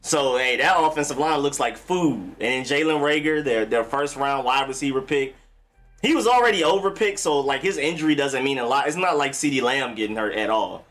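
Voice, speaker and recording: A man's voice: mid-range voice, fairly quick, a bit bright, soft background music. A young man hosting a football live stream, talking in a loose, slangy, chatty way and greeting viewers by name. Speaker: sports live stream host. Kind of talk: casual live-stream talk.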